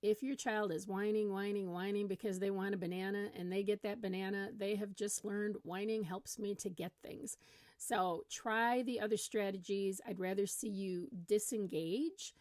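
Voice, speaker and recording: A middle-aged woman explains parenting strategies in an earnest, instructional way and acts out lively examples. Her voice sits at an ordinary pitch for a woman. The recording is dry and close, with no room echo. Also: normal speed, hardly any pauses. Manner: earnest, with animated acted-out examples. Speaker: parenting coach. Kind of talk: instructional talk to camera.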